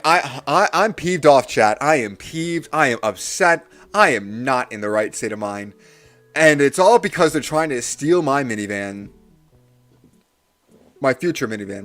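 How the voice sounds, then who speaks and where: A man's voice: mid-range voice, animated, measured pace, fairly bright tone, soft background music. A young man livestreaming, doing a playful mock-villain rant in casual chat, with frequent restarts. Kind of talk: casual live-stream rant.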